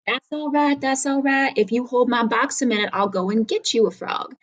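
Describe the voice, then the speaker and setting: A woman's voice: on the high side, normal speed, muffled recording, pitched above the performer's own voice, lightly acted. A woman voicing a sly male frontier gambler who talks in an offhand, folksy drawl.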